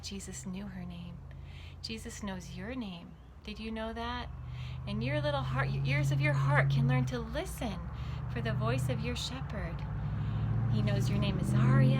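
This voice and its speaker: A woman teaching a children's Bible club, telling a story in an animated way and asking the children questions. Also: on the high side, very noisy. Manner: animated, asks children questions, says their names.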